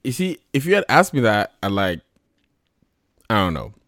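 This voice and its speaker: A man's voice: on the low side, big pitch swings, moderate pace, a bit bright, dry recording, clean studio sound. A man hosting a casual podcast, joking and rambling with lots of fillers, tired after a long day. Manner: playful, jokey, rambling with fillers. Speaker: podcast host.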